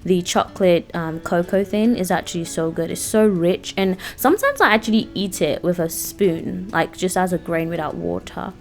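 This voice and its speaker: A woman's voice: on the low side, moderate pace, few pauses, faint music behind. A woman in her twenties chatting casually to viewers in a home vlog, laughing often and talking straight to camera. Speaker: vlogger.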